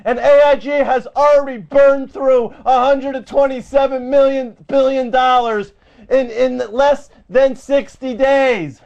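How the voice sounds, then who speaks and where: A man with a strikingly high voice hosts his own talk show. He rants loudly, repeats his points and calls out to listeners. The recording sounds dull and lo-fi. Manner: loud, fired-up ranting, repeats himself. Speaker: host of an independent internet radio show. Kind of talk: ranting political talk show.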